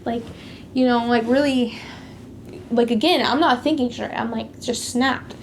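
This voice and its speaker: Speaking unhurriedly in a steady voice on the high side, a woman recounts her faith testimony for her vlog over slight background noise. Her casual, chatty retelling of a past conflict is packed with "like" and hits the big moments hard.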